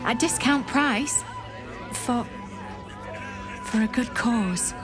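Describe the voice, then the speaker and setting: A woman's voice: on the high side, fairly bright tone, faint music behind. An actress voicing a desperate townswoman who pleads to sell a necklace so she can flee, in a game. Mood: pleading. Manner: pleading, hurried. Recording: game dialogue under tavern crowd.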